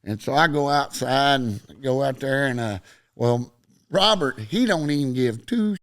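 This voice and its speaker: A man's voice: medium pitch, measured pace, fairly bright tone, dry recording. A middle-aged man with a Texan accent, a podcast guest telling a long story in casual chat and acting out every quoted line.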